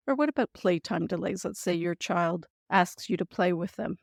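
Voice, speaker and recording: A woman hosting a parenting podcast, giving gentle, reassuring advice and sample phrasings in a scripted talk. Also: lowish voice, lively intonation, normal speed, vocal fry, no echo, studio quality.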